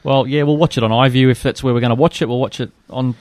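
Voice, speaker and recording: A man's voice: mid-range voice, steady tone, fast talker, a little mellow. A man on a radio panel, laid-back, reading out a list. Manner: reads lists, laid-back. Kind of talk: casual radio panel chat.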